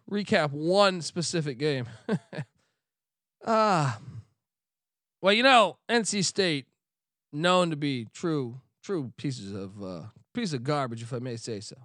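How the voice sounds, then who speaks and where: A man's voice: on the high side, fairly bright tone, no echo, studio quality. A man hosting a sports betting podcast in casual, rambling chat with loose, profane banter. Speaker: podcast host.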